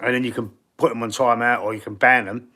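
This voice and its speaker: A middle-aged man with a broad Cockney London accent talks loosely into his streaming mic. He sits at an ordinary middle pitch and wanders between topics. He answers chat messages out loud in a blunt, sweary way. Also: flat delivery, fast talker. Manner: chatty and rambling, reads viewer comments aloud and answers them. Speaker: football channel live-stream host. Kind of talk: casual live-stream chat.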